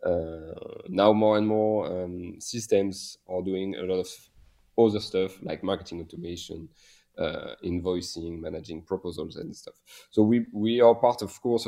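A man's voice: low voice, steady tone, moderate pace, mellow. A man with a French accent, a guest in a casual podcast interview, speaking hesitantly with many fillers and restarts. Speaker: guest, software company founder.

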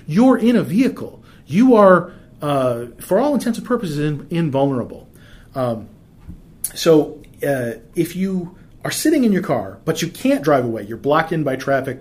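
A man's voice: fairly high pitch, a little mellow. A middle-aged man giving practical advice in a casual, conversational way, often restarting sentences and using fillers. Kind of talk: casual explanatory talk with anecdotes.

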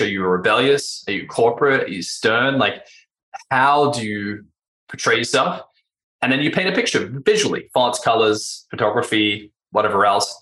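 A man's voice: fairly low pitch, pushed and bright, roomy sound, rough recording. A man, a branding agency founder, explaining his ideas energetically in a podcast interview, asking rhetorical questions and acting out what clients say.

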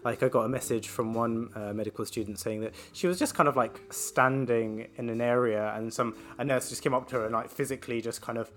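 A man's voice: mid-range voice, fairly even intonation, brisk, hardly any pauses, fairly bright tone. A man, a doctor, talking casually in a conversational way with frequent fillers. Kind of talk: casual podcast chat.

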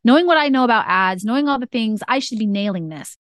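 A woman author chatting lively as a podcast guest, quickly acting out little quotes as she talks. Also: a little high, dry recording, studio quality. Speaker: guest, indie author and ad strategist. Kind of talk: casual podcast interview chat.

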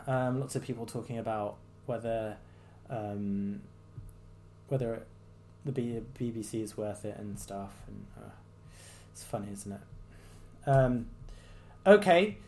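A doctor hosting a solo podcast rambles loosely, sounding exasperated and sardonic, and mocks the voices he quotes. His voice is medium-pitched with a darkish tone, and his speech is full of fillers and restarts.

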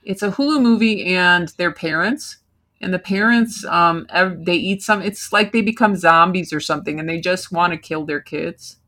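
A woman's voice: fairly low pitch, normal speed, sharp tone. A woman co-hosting a podcast in casual chat, rambling with many fillers. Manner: rambling, filler-heavy storytelling. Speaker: podcast co-host.

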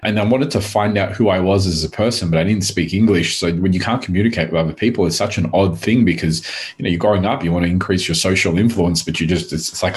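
A man with a very low voice, talking as a guest in a relaxed interview. He tells personal stories in a loose, chatty way and often stops to restart his sentences. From Mauritius. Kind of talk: casual storytelling interview.

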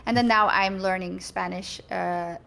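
A young woman from Belgium, a guest in a casual interview, talking in a chatty, animated way and laughing often. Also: fairly low pitch, unhurried, creaky.

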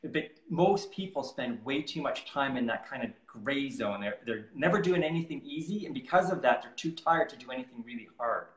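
A man's voice: mid-range voice, lively intonation, moderate pace, few pauses, fairly bright tone. A man who works as a triathlon performance coach, talking casually and with energy in an interview and laughing easily. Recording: roomy echo.

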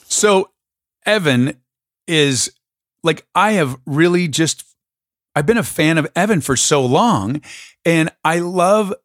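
A man's voice: a little high, fairly bright tone, no echo, clean studio sound. A man hosting a podcast, telling a story in a casual, enthusiastic way. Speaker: podcast host. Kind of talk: casual conversation.

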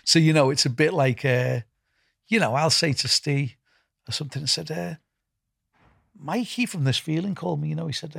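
This middle-aged Englishman, a festival founder and music executive with a Liverpool accent, rambles casually through interview answers, repeating words and padding gaps with "you know." His voice is a little high and a bit bright, with vocal fry and long pauses at a normal speed. The studio-quality audio has no echo.

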